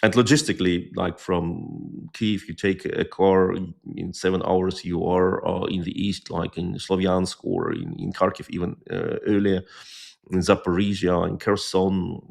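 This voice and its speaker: A man with a low, gravelly voice speaks as an interview guest. He talks earnestly and bluntly, stopping often to hunt for the right word. His tone stays conversational throughout. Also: level tone, darkish tone. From born near Moscow, Soviet Union. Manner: earnest, searches for words with frequent pauses; outspoken and blunt. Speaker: guest volunteer.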